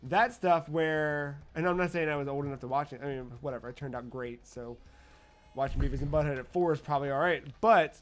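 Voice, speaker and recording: A man's voice: on the high side, fairly quick. Profane storytelling man in his thirties. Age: 30s. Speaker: podcast co-host. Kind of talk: casual chat.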